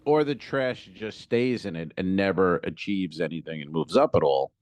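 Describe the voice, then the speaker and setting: A man's voice: sits low, moderate pace, dull audio, crowd noise. A man co-hosting a comedy podcast, chatting casually and cracking loose jokes. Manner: loose, joking, riffs with asides. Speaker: podcast co-host.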